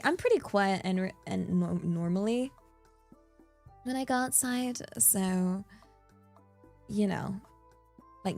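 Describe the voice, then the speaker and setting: A woman streamer in casual livestream chat, rambling and playful, with lots of fillers and sudden bursts of excitement. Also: medium pitch. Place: in Japan.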